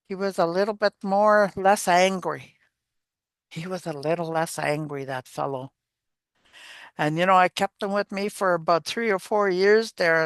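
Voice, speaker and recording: An older woman, an elder, gently teaching and telling stories in an unhurried way, repeating her phrases. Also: mid-range voice, clean tone, dry recording. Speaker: elder and storyteller. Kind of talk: spoken teaching and storytelling.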